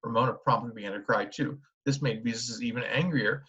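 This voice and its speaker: A man narrating a children's book in a steady storytelling manner. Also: medium pitch, fairly quick, few pauses. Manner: steady storytelling with small restarts. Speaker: audiobook narrator. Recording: dull lo-fi recording.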